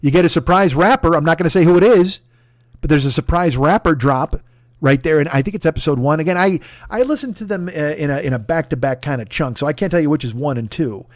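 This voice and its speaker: A man's voice: fairly high pitch, fast, no room sound, clean studio sound. A man in his forties hosting a podcast, talking casually with a profane, rambling, mock-boastful manner. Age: 40s. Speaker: podcast host. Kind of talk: casual comedic podcast plug.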